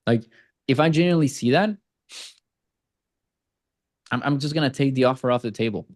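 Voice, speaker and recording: A man's voice: medium pitch, normal speed. A man leading a group coaching call as a sales coach, talking bluntly with teasing and swearing.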